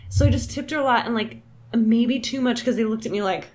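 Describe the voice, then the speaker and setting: In a rich, rambling flow, a woman comedian guests on a podcast and spins an animated, filler-packed story. Her voice sits a little high, and she keeps the chat loose and casual. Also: fairly quick.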